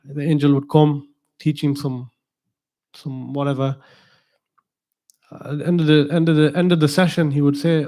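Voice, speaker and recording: A man gives a religious talk as a teacher, with a voice that sits a little high. He tells his story in a loose, chatty way and turns aside to ask the audience questions. He chuckles at the odd parts of the tale. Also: flat delivery, normal speed, pauses often, mellow.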